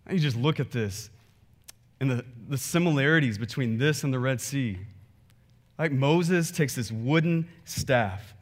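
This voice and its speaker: A man preaching a sermon, conversational and animated, reading scripture and acting out churchgoers. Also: medium pitch, measured pace. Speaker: pastor.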